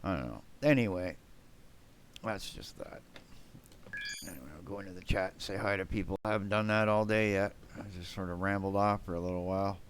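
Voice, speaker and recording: A man's voice: low voice, brisk, slight background noise. A man streaming a game live, rambling bluntly to his chat, swearing and tagging his remarks with "man" and "right?". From Canada.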